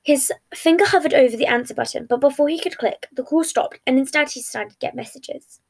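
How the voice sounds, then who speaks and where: A woman narrating a fan fiction story in a soft, even reading manner with small slips. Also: sits high, fairly quick, creaky, few pauses.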